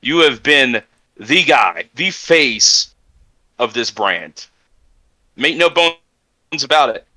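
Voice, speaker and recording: A man's voice: medium pitch, animated, slow, long pauses, sharp tone, dry recording, low-quality recording. A man hosting a wrestling press conference, building hype in an emphatic announcer style as he questions the champion. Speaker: press conference host and interviewer. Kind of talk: hyped announcer-style interview.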